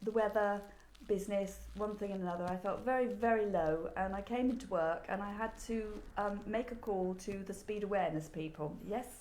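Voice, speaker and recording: A woman who owns a shop, chatting expressively and often pausing on "um". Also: medium pitch, darkish tone, a little hiss or hum, low-quality recording. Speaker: furniture shop owner and host. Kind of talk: casual chat. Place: in her shop.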